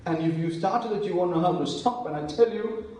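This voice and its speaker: A man preaching a sermon in a big, echoey church hall, heard from some way off the microphone. His voice is somewhat high and mellow, and he tells stories, dropping to a hush for quoted lines. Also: a little fast, far from the mic. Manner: storytelling, acting out quotes in hushed voices.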